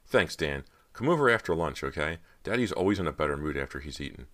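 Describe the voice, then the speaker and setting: A man with a very deep voice reads the part of a frightened teenage girl confessing, pushing his pitch higher in pleading, tremulous bursts. He's animated and talks fast, with a slightly bright tone.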